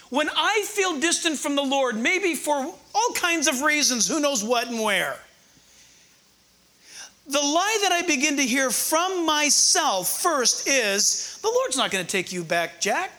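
An older male pastor preaching a conversational, humorous sermon, slowing down to read verses with emphasis. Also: extremely high pitch, big pitch swings, sharp tone.

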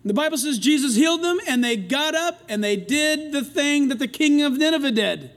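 High-voiced older preacher, animated delivery. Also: male voice, moderate pace. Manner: animated, acts out voices in retellings. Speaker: pastor. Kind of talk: sermon.

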